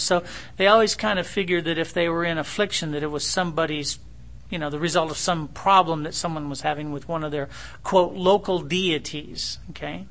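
A man preaching a sermon in a bright, fairly high voice. He keeps it conversational and animated, slipping in teasing asides. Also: brisk. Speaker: pastor.

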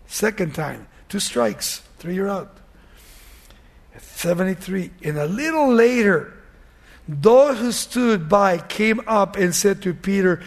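A pastor delivering a sermon in a notably high male voice. He retells scripture with animated storytelling and acts out the scenes before sinking into a hushed prayer. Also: a little slow, gravelly.

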